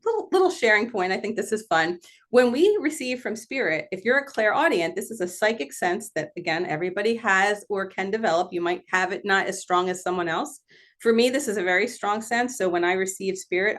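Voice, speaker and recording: Chatty woman medium on a video call. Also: medium pitch. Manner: chatty, animated, laughs often. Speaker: medium hosting a gallery session. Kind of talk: casual live-stream talk.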